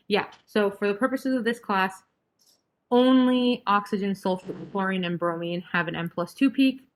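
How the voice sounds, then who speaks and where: A woman's voice: medium pitch, moderate pace. Chatty young woman tutoring chemistry. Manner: casual, chatty, joking sarcasm. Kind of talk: online review session.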